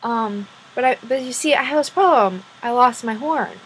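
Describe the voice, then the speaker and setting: A woman's voice: a little high, normal speed, fairly bright tone, a little hiss or hum, natural voice, rough recording. A woman voicing a drunk, hornless male unicorn who keeps apologizing and frets over what to do next. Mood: flustered. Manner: apologetic, flustered.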